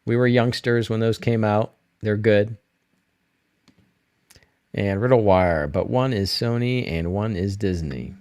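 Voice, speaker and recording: A man's voice: lowish voice, slow pace, pauses often, darkish tone. A middle-aged man hosting a live stream, rambling casually and answering viewers' chat comments.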